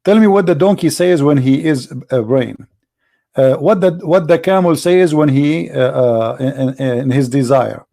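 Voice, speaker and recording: A man with an Arabic accent hosting a live stream, reading and translating a text aloud in halting English with many restarts. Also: on the high side, gravelly, warm tone. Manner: halting, restarts and searches for words.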